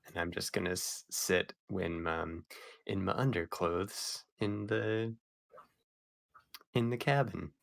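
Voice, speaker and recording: A player in a tabletop game describing an action slowly and hesitantly. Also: sits low, gravelly. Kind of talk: casual tabletop play.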